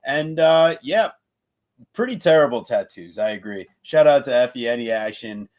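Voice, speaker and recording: A man co-hosting a casual fight-betting show, talking in an animated, jokey, rambling way. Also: medium pitch, normal speed. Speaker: podcast co-host and betting analyst.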